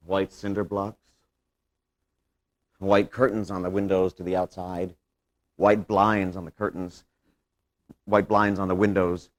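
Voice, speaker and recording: A man performing a one-man stage monologue, theatrical, swinging between loud outbursts and hushed recollection. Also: low voice.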